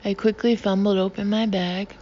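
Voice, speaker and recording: A woman narrating an audiobook in a hushed manner that sometimes turns breathy and near-whispered. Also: mid-range voice, level tone, normal speed, dull audio, a little hiss or hum.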